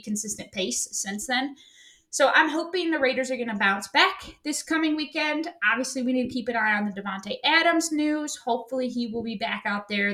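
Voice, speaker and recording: Giggly, bright-voiced woman podcast host. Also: on the high side. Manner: giggly, chatty and playful. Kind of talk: casual sports chat.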